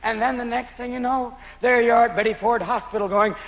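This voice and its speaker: Manic stand-up comic, high voice. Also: male voice, fairly even intonation, heavy background noise. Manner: manic, rapid switches into silly character voices. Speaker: stand-up comedian. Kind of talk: stand-up comedy routine. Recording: live show, echoey room, loud crowd laughter.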